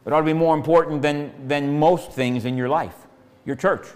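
A man's voice: on the high side, steady tone, normal speed, darkish tone, clear, resonant tone. Male pastor preaching, folksy and repetitive, raised voice, reverberant sanctuary. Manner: folksy, asks the congregation questions, repeats phrases. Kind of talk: sermon. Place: church sanctuary. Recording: long hall reverb.

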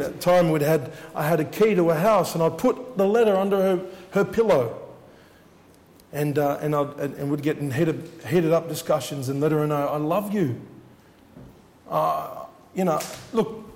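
A man's voice: fairly high pitch, a little mellow, long reverb tail. A man preaching a sermon as he shares his testimony, earnest and repeating his words for emphasis.

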